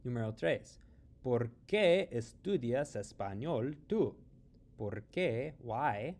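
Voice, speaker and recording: A man teaching Spanish grammar in English, patiently explaining and slowly repeating example questions. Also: fairly low pitch, a little mellow, slight background noise. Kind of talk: tutorial explanation.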